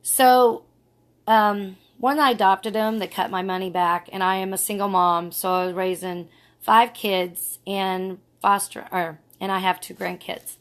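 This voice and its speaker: A woman's voice: mid-range voice, fairly even intonation, unhurried. Earnest middle-aged woman telling her story. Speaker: vlogger. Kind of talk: casual personal story vlog.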